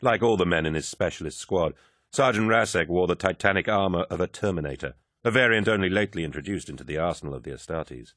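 A man narrating an audiobook in scripted, measured storytelling. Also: low-pitched, a bit bright, no echo, clean studio sound.

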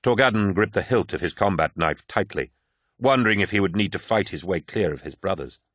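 Low husky guy reading an audiobook, dry close sound. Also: lively intonation, fairly quick, a bit bright, dry recording. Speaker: audiobook narrator. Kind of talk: scripted narration.

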